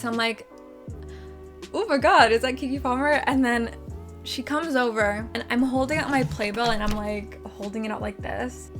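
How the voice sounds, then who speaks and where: A woman's voice: on the high side, fairly bright tone. A young woman vlogger telling a casual story, gushing and peppering it with filler words. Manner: gushing, filler-heavy with many likes.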